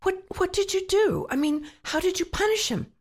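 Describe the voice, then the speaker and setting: A woman voicing an anxious, tearful middle-aged housewife with a high, pleading voice. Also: expressive, moderate pace. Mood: distressed.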